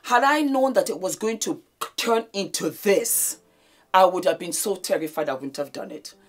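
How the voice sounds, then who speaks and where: A woman's voice: on the low side, lively intonation, normal speed, soft background music. A woman in her fifties giving an emotional speech, effusive and repeating her thanks over and over. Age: 50s. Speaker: beauty vlogger giving a thank-you speech.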